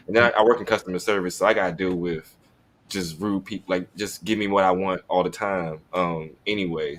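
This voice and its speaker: Man, very deep voice, easygoing podcast talker who acts out quoted voices, light hiss. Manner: chatty and animated, with laughs and quoted voices. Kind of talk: casual podcast chat.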